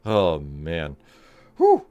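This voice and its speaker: A man's voice: very deep voice, huge pitch swings, very slow, dark tone. A man streaming live, chatting casually in a rambling, chuckling, self-deprecating way.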